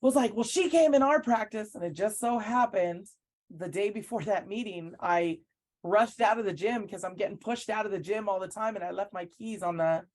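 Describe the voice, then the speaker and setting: A woman's voice: medium pitch, normal speed. A woman, a coach, recounting events as an interview guest, telling them earnestly and acting out what others said.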